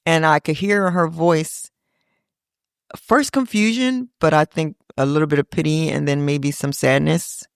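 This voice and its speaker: A woman's voice: low voice, measured pace, gravelly, clear, resonant tone, no room sound, clean studio sound. A middle-aged woman hosting a podcast, reflectively telling a personal story and quoting her family in little voices. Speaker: podcast host.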